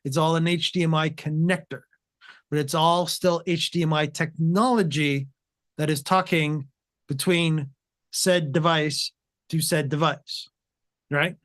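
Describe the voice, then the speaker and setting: A man hosts a casual talk about video equipment. He speaks loosely, leaning on fillers and repeated words as he explains, in a voice a touch higher than most men's. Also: steady tone, measured pace, fairly bright tone. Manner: conversational, filler-heavy, repeats "again". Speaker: host.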